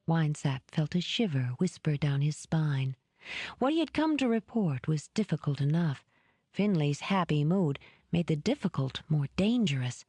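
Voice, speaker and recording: A woman narrating an audiobook in a measured, even manner. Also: sits low, husky, no echo. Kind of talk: scripted narration.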